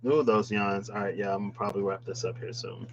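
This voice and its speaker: A man's voice: lowish voice, steady tone, fast, muffled recording, a little hiss or hum. A man reading tarot cards in a casual chat, musing aloud with playful asides. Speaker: tarot reader. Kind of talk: casual tarot deck walkthrough.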